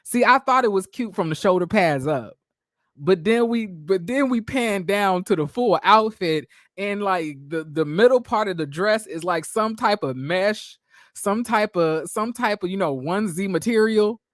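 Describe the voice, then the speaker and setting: Blunt, animated man recapping TV. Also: high-pitched, measured pace, no echo, clean studio sound. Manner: animated, restarts and laughs, blunt slang. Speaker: recap vlogger. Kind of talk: casual reality-TV recap commentary.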